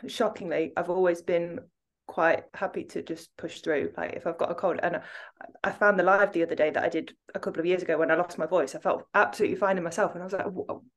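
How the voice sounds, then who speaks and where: A woman's voice: fairly low pitch, fairly even intonation, fast talker. A woman co-hosting a coaching podcast, speaking candidly and laughing easily. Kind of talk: casual podcast chat.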